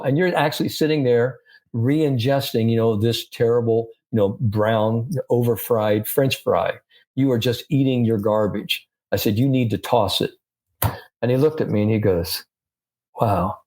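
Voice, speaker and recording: An older man who works as a sports psychologist tells a story during an interview, vividly acting out the voices of its characters. His voice sits at a medium pitch.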